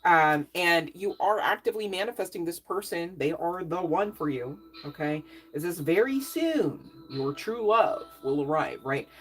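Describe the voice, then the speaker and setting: A woman's voice: lowish voice, lively intonation, moderate pace, few pauses, low-quality recording. A woman reading tarot cards in a casual, chatty way, with playful asides and frequent "okay?" check-ins. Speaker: tarot reader.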